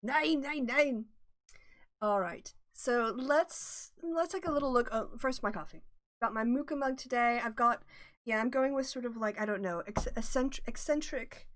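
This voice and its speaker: Chatty middle-aged woman, higher voice. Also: normal speed, fairly bright tone. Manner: chatty, analytical, greets viewers in chat. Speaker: livestream host. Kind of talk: casual political livestream chat.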